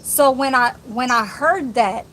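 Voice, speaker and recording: A woman rants angrily on her live stream in a high-pitched voice at a measured pace, with a noisy background. She curses, turns combative, and calls someone out directly.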